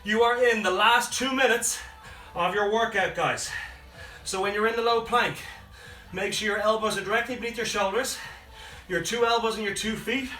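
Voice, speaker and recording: A man's voice: high voice, moderate pace, pushed and bright. A man coaching a home workout, out of breath as he counts down reps and gives encouraging cues. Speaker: fitness coach. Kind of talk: live workout instruction with counting. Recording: roomy sound from a distant mic with faint music behind.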